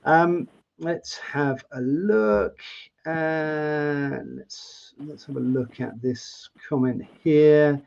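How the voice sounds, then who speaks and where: A man's voice: a little high, fairly even intonation, extremely slow, vocal fry, darkish tone. A man hosting a live interview show, asking long, rambling questions in a chatty way over a video call. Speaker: host. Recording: dull lo-fi sound.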